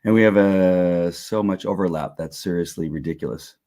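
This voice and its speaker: A middle-aged man with a low, warm voice and a moderate pace hosts a casual livestream about faith and politics. He rambles, restarting sentences often and chuckling along the way.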